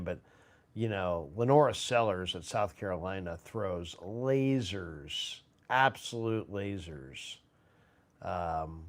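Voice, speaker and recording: A man hosting a live sports stream, chatting casually and rambling with fillers and restarts. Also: fairly low pitch. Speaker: sports show host. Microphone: phone.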